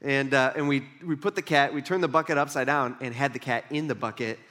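Bright-voiced conversational male pastor. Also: medium pitch, steady tone, brisk. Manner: casual and conversational, many fillers, acts out quotes. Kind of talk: sermon with personal story. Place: church.

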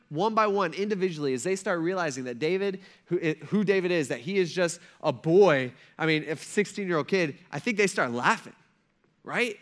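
Male pastor, high voice, chatty storytelling sermon delivery. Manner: animated, conversational storytelling with many fillers.

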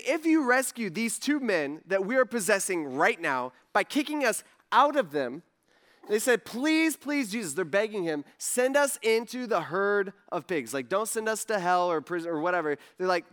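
A man preaching a sermon, retelling a story with animated, acted-out voices and questions to his audience. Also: sits high. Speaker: pastor.

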